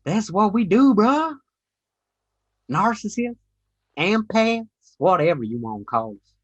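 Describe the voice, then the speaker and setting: A man's voice: high voice, sing-song, unhurried, no echo, highs cut off. A man giving a reflective monologue with mock American slang.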